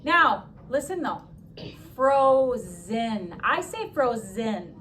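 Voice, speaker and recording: Bright-voiced woman teaching a spelling class. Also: fairly high pitch, lively intonation, moderate pace. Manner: upbeat, sing-song prompting, stretches words out syllable by syllable. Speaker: elementary school teacher.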